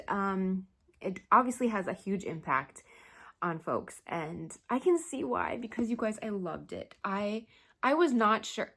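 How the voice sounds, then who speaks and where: A young woman chatting casually about books on her channel, talking in an animated way and laughing often. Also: mid-range voice. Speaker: book vlogger. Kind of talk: casual chat.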